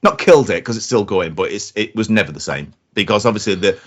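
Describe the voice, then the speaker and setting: A man's voice: lowish voice, quick pace, dull audio. A man, co-hosting a casual podcast and telling rambling stories full of fillers and restarts. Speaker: podcast co-host. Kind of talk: casual chat.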